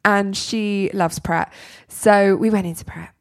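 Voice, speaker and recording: A woman co-hosting a podcast, telling an animated anecdote in casual chat and laughing often. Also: medium pitch, measured pace, vocal fry. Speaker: podcast co-host.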